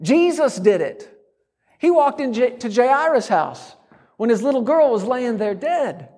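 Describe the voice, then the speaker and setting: A man's voice: very high-pitched, very animated, a little slow, a little mellow. A man preaching a sermon, driving his points home through repeated declarations and rhetorical questions.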